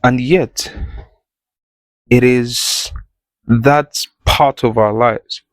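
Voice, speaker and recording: A man's voice: medium pitch, steady tone, very slow, no echo, poor audio. A man hosting his own podcast, talking straight to the listener in a playful, conversational way. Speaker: podcast host. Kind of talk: solo podcast monologue.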